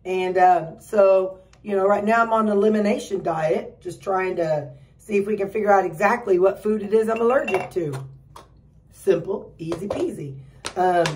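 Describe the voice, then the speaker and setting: A woman's voice: normal speed, a little mellow, distant mic, a little hiss or hum. A middle-aged woman giving a rambling, casual pep talk to her viewers, full of fillers and restarts. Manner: acts out quoted relatives in a higher voice. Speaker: weight-loss vlogger.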